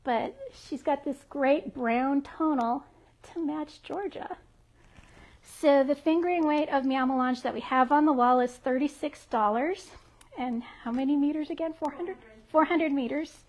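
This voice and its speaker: A woman's voice: high voice, measured pace. A woman who works at a yarn shop, presenting products on a livestream in a bubbly, giggly, friendly way. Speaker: yarn shop staff member.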